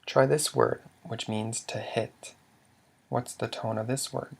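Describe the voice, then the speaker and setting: Brief: male language teacher with a mid-pitched voice and vocal fry, talking over slides in a measured way with frequent restarts. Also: fairly even intonation, a little hiss or hum. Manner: measured, stops to restart words, asks then answers questions. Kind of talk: narrated slide lesson.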